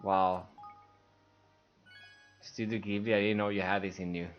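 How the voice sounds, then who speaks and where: A man's voice: on the low side, level tone, a little slow, muffled recording, soft background music. A man with a Swedish accent streaming a game, reading the on-screen action aloud for blind viewers with emotional sighs. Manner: emotional, sighing, reads everything aloud. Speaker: let's play streamer.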